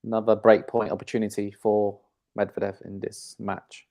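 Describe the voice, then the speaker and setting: Man, co-commentator, low voice, brief reactions to rallies. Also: level tone, normal speed, creaky, darkish tone. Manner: short reactive interjections. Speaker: co-commentator on live stream. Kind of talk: casual live commentary.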